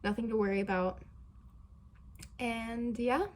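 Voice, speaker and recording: A woman's voice: a little high, steady tone, measured pace, a little hiss or hum. A young woman vlogging casually from a hotel room, chatty and self-mocking, with many fillers. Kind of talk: casual vlog chat.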